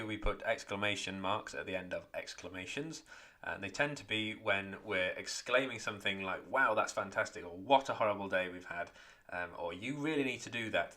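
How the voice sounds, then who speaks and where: A man's voice: fairly low pitch, bright, forceful tone. A man teaching, going through exam questions one by one and explaining each answer step by step. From England. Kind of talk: exam walkthrough lesson.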